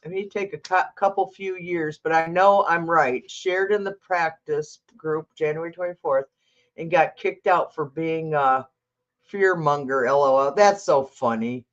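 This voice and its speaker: A woman's voice: deep voice, a little slow, dull audio. An older woman hosting a tarot livestream, chatting casually, reading out viewer comments and talking to her cat.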